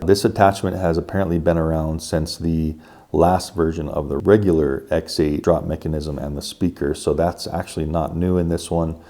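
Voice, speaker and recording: Guy with a deep mellow voice walking you thru a drone setup, pretty excited. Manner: enthusiastic, talks viewers through each step. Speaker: tech reviewer. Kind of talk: casual product review.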